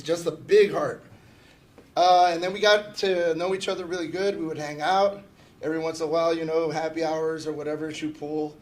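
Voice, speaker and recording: A man giving a casual memorial tribute to a friend, telling joking anecdotes and often checking in with his listeners. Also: on the high side. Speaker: fraternal organization member giving a memorial tribute. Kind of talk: personal memorial remarks. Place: memorial gathering at a funeral home.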